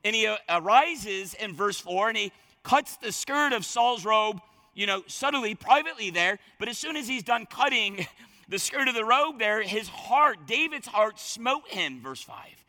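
Man, pastor, sermon, bright and sharp tone, repeats for emphasis, long hall reverb. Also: sits high, animated, a little slow. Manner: fervent, repeats lines for emphasis, colloquial.

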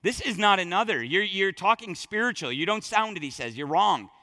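A man preaching a sermon to his congregation, talking straight to them with emphatic, conversational delivery that drops low and surges back up. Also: lively intonation, fairly quick, sharp tone. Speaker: pastor. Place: church sanctuary.

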